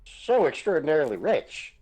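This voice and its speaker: A man's voice: a little high, sing-song, normal speed, a little mellow, a little hiss or hum, low-quality recording. A man playing a tabletop game in casual chat, joking playfully in character. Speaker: player.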